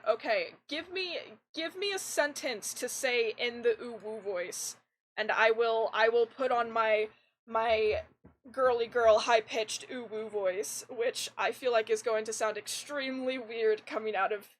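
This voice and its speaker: A woman's voice: fairly high pitch, low-quality recording. A young woman streaming a game, chatting casually with viewers in a rambling way, her voice fairly androgynous, into a desk mic. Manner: rambling, restarts often, animated. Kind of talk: casual live-stream chat.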